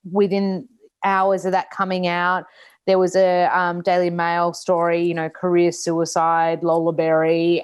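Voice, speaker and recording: An Australian woman in her thirties, an author talking openly about her own setbacks in a casual interview, with lots of likes and restarts. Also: fairly low pitch. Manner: open, reflective, frequent likes and restarts. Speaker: author and nutritionist guest. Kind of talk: candid casual interview talk.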